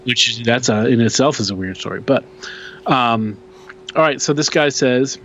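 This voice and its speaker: A man's voice: medium pitch, normal speed, a bit bright, dull audio, slight background noise. Rambling man co-hosting a podcast. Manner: rambling, self-deprecating, many fillers. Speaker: podcast co-host. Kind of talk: casual chat.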